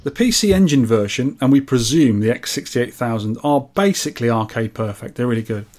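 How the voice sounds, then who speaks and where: A man's voice: medium pitch, lively intonation, fairly quick, darkish tone. A man co-hosting a podcast, reading listener scores aloud and chatting casually. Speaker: podcast co-host. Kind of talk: casual chat.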